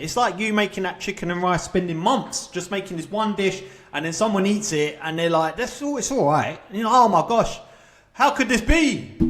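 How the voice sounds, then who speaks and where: Emphatic, higher-voiced male coach. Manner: emphatic, repeats points with rhetorical checks. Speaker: self-publishing coach. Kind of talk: casual talk to camera.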